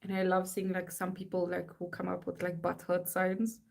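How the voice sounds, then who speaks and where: A woman's voice: lowish voice, completely flat delivery, moderate pace, creaky. A woman, chatting casually while she works on art. She reads silly slogans aloud in a playful, mock-serious chant. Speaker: artist live-streaming.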